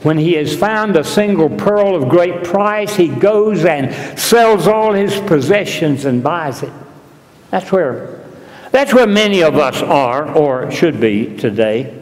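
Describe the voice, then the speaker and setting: A man preaching a sermon in a church, telling a story slowly and deliberately. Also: a little high, expressive, a little mellow. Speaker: pastor. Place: church sanctuary. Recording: long reverb in a large hall.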